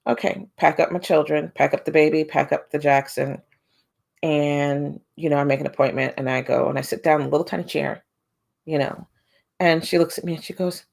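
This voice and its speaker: Low gravelly woman telling a story. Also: brisk. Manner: animated, acts out quotes with big pitch jumps. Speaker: homeschooling mom vlogger. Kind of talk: casual storytelling to camera.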